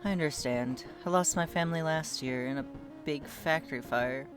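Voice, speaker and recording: A streamer reading the lines of a polite, humble male farmer from a game, in a gentle, courteous way. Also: mid-range voice, normal speed, music in the background, natural voice. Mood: sympathetic. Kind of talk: reading game dialogue aloud.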